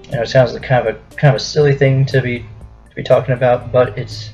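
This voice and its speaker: Young American male vlogger, halting delivery, gravelly edge, dull lo-fi recording. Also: medium pitch, flat delivery, darkish tone. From United States. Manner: hesitant, many ums and restarts. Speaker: YouTuber host. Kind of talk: casual vlog commentary. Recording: dull lo-fi with faint music.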